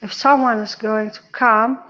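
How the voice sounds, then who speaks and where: A woman's voice: a little high, steady tone, a little slow, fairly bright tone, lo-fi sound. A woman talking casually to her phone camera from a hospital ward, chatty and emotional. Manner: chatty, emotional, tearful at times. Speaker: vlogger. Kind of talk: casual hospital-bed vlog. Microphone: phone held close.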